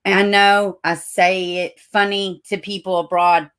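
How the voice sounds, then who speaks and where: A woman's voice: mid-range voice, flat delivery, a little slow, a bit bright, smooth. A middle-aged woman with a Tennessee Southern accent, hosting a casual livestream, reading news aloud with chatty asides and self-corrections. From Tennessee, USA. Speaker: livestream host.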